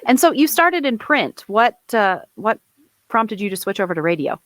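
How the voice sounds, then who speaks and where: A woman's voice: mid-range voice, sing-song, moderate pace, fairly bright tone, no room sound. A woman interviewer asking brief, encouraging questions in a casual conversation.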